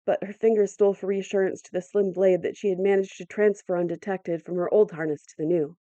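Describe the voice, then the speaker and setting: Woman reading a novel aloud, steady and dramatic, super dry close mic. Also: mid-range voice, no echo, highs cut off. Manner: measured, dramatic storytelling. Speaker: audiobook narrator. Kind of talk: audiobook reading.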